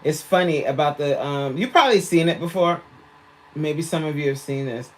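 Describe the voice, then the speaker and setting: A woman's voice: low-pitched, animated, normal speed, a little mellow. A woman fitness coach chatting on a livestream, reading viewer comments aloud, laughing often, recorded on a tablet mic. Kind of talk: casual livestream chat.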